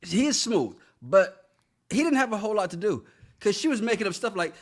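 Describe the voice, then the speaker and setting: An animated male podcast co-host whose pitch sits a little high and swings widely as he talks. He reads out listener comments from the live chat between bursts of laughter, and his chat is relaxed and casual. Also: fairly quick.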